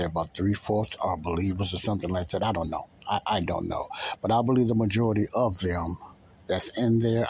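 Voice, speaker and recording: A man preaching in an informal, talky way, leaning on repeated phrases and rhetorical questions. His voice sits on the low side and has a husky, grainy edge. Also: low-quality recording.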